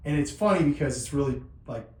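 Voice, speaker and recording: Animated man telling a story in an echoey room. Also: mid-range voice, fast talker. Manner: animated storyteller, acts out dialogue. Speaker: podcast host. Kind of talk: casual conversation. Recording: echoey room with some noise.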